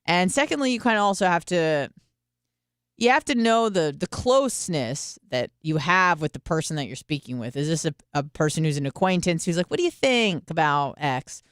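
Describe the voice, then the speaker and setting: A woman's voice: fairly low pitch, animated, moderate pace, clear, resonant tone, no echo, studio quality. A woman hosting a radio show, talking in a candid, chatty way and acting out quotes with some profanity. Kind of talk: casual monologue.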